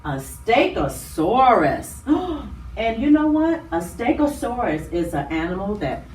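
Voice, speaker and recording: A woman hosting children's storytime in a library. She speaks to small children in an animated way and draws out her words. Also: on the high side, slow pace. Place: library room. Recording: roomy, distant mic.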